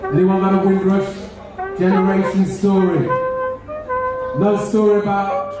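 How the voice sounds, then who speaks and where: A man with an English accent hosting a live community event, coaxing the audience to join in and share stories. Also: high voice. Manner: upbeat, coaxing, calls out to the audience. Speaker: event host. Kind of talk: live event compering, rallying a crowd. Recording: echoey, distant mic, loud music and crowd.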